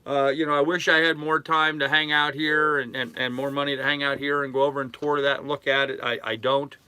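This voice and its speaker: An older man live-streaming from his sailboat in a harbor, chatting casually with his chat in a relaxed, rambling way full of fillers. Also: fairly high pitch, a little fast, smooth, no room sound. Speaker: sailing vlogger reading live chat.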